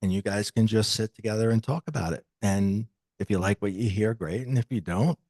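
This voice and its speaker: A man guest on a podcast, telling a personal story in an animated way and acting out the dialogue he quotes. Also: on the low side, a little fast, few pauses, no echo.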